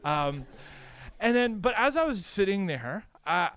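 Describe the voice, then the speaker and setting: Animated, smooth-voiced male pastor. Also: high voice, a little slow. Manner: animated storytelling, conversational; frequent "like" and "right?" fillers. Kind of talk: conference breakout talk.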